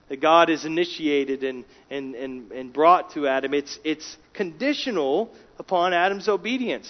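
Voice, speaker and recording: A man preaching a sermon, emphatic, rising in volume for key words and dropping low and quiet between them. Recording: dull lo-fi sound.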